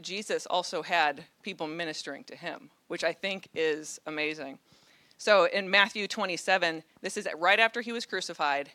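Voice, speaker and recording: Bright earnest woman preaching. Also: on the low side, dry recording. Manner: earnest, conversational, with a dry humor. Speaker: guest speaker. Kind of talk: sermon.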